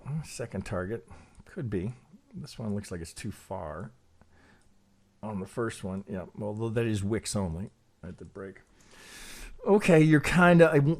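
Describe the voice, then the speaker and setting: A middle-aged man talks his way through a price chart, stopping and starting and asking himself questions as he works. His pitch sits in an ordinary middle range, and he turns often to check with the listener. The tone is an unscripted, thinking-aloud lesson. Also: a little mellow. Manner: hesitant, self-questioning, repeats words. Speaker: trading educator.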